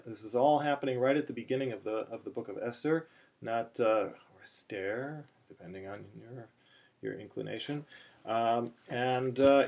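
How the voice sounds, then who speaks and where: Slow, halting man teaching chant. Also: medium pitch, darkish tone. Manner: slow, halting speech with many fillers, breaking into chant. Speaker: cantillation teacher. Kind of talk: chanting lesson, spoken explanation with chanted examples. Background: phone ringing in the background.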